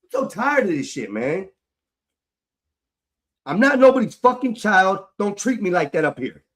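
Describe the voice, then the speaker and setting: High-voiced man ranting, swearing nonstop. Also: big pitch swings, measured pace, a bit bright. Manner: swears heavily, repeats himself, frustrated. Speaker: livestream host. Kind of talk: angry livestream rant.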